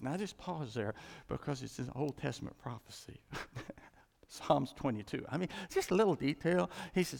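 A man preaching a sermon in a conversational, animated storytelling way. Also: a little high, normal speed, gravelly. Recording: reverberant hall.

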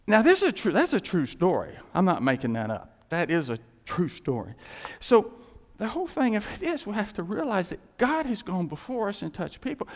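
Folksy preacher, lively and gravelly. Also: male voice, high voice, in a large hall. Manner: folksy, animated storytelling with chuckles. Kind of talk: sermon with a personal story.

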